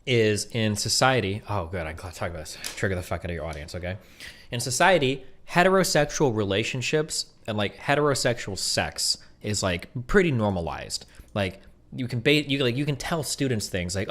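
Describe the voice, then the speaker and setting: A man's voice: lowish voice, expressive, a little fast, a bit bright. A man in his thirties, a streamer debating in a casual, blunt, profane way and reading out bill text.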